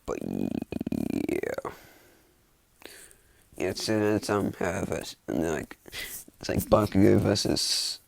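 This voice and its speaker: A man's voice: lowish voice, normal speed, gravelly, dry recording. A man telling an improvised story in a casual, rambling way, full of filler words and restarts. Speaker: fan fiction storyteller.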